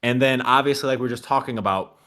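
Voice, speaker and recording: A man co-hosting a casual recap show, talking animatedly and acting out character lines. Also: quick pace. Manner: animated, acts out character lines in a high shouting voice. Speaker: podcast co-host.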